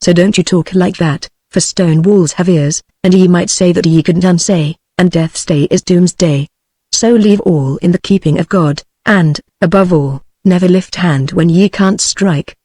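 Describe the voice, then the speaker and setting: A British woman text-to-speech voice reading the part of a kindly, motherly old housekeeper in a flat, unchanged delivery. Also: lowish voice, a little slow, no room sound, clean studio sound. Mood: coaxing. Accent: British English. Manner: plain synthetic reading, no change of voice.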